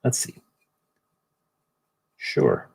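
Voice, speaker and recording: A man's voice: extremely slow, darkish tone. A middle-aged man hosting a livestream, painting miniatures and chatting in a rambling way while greeting viewers by name. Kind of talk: casual livestream chat.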